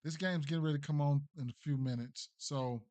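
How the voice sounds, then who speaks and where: A man's voice: a little high, fairly even intonation, a little fast, a little mellow. A man streaming sports betting picks, thinking aloud in a casual, mumbling way with many fillers and restarts. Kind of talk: casual live-stream commentary.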